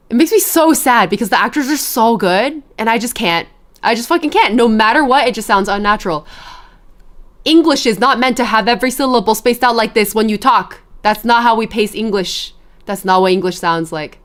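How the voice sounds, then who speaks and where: A woman streaming and chatting casually with her viewers, animated, swearing freely and laughing often. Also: fairly high pitch, fairly quick. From grew up with Chinese and Japanese media.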